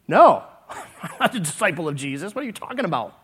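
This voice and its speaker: A man preaching and acting out a frightened disciple who is hushed and low in confession but loud in denial. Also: sing-song, fast, slightly rough, exaggerated voice. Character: frightened fisherman disciple, denying then hushed and contrite.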